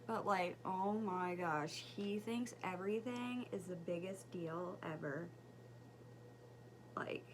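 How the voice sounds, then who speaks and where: A woman telling a story while doing her makeup, chatty and rambling, with fillers and soft asides. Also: mid-range voice, background noise. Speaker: beauty vlogger and mother. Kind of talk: casual get-ready-with-me story chat.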